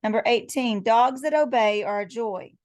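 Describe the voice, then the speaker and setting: A woman's voice: a little high, moderate pace, a little mellow, no room sound. A middle-aged woman teacher going through quiz answers one by one, explaining each step with rhetorical questions. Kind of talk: recorded lecture going over quiz answers.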